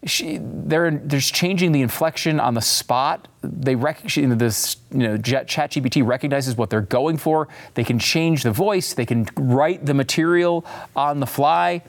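Man, host, gravelly voice, excitable rambling commentary. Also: medium pitch, normal speed. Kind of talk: casual commentary.

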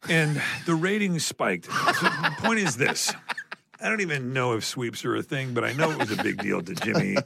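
A man's voice: mid-range voice, animated, normal speed, gravelly, bright, forceful tone, slight background noise. A man co-hosting a podcast, telling a rambling story in casual chat with frequent laughs. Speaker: podcast co-host.

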